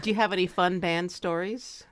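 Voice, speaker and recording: A woman's voice: lowish voice, steady tone, moderate pace, clean tone, no echo. A woman co-hosting a podcast who asks questions and teases the guest in a playful way. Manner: playful, teasing. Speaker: podcast co-host. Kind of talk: casual interview chat.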